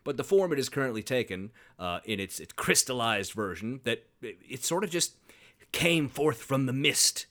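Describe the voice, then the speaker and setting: Lively wry podcast host. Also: male voice, mid-range voice, normal speed. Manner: chatty, wry, frequent fillers. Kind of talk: casual discussion podcast.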